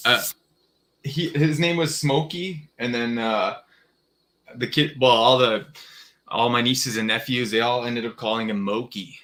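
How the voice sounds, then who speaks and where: A man talking as a guest on a radio show in casual conversation, halting and full of fillers. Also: mid-range voice, pushed and bright.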